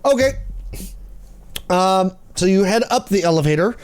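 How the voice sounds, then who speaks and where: A man's voice: high-pitched, animated, measured pace, clean tone. A man narrating as game master of a tabletop game, rambling with many fillers. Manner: rambling, lots of fillers and likes.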